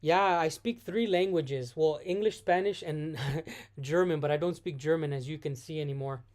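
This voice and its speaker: A voice hosting a live stream in a loose, casual Q&A. They read out questions from the chat and answer on the spot. Their answers are full of restarts and quick self-corrections. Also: medium pitch, darkish tone. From United States.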